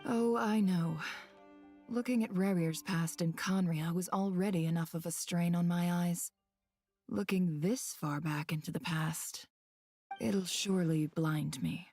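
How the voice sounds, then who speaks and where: A sharp, resolute female scholar from a video game, reasoning things out with dry wit in a lowish voice. Faint game music underneath. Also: fairly even intonation, a little slow. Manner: analytical, dryly witty.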